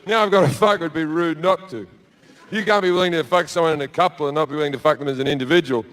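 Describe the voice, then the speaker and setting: A man doing crude, deadpan stand-up storytelling on stage with a handheld mic. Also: a little high, racing. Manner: crude, deadpan storytelling with sudden loud bursts. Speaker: stand-up comedian. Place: stage before a live audience.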